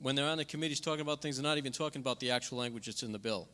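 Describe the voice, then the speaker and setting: A man's voice: rapid-fire, sharp tone. A man giving an impassioned campaign speech at a forum, repeating points and stressing key words. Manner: impassioned, repetitive, drops pitch on asides. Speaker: congressional candidate. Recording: reverberant hall.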